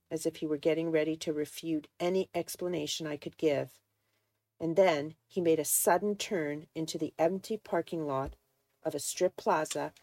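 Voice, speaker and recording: A woman reading a novel aloud in a measured, even storytelling manner. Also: low-pitched, no echo, clean studio sound. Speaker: reader of a novel. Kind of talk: audiobook narration.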